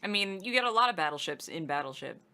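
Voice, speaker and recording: Bright, giggly young woman telling stories. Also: lowish voice, animated, fast. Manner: giggly storytelling, acts out both sides. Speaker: co-host of a gaming channel. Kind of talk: casual let's-play chat.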